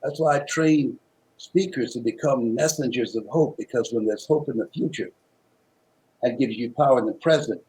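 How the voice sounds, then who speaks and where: Through poor audio, a man with a mid-range voice speaks at normal speed, a Miami-born motivational speaker recounting something from his own life. His delivery is preacherly, built on rhythmic repetition, with loudness rising and falling dramatically.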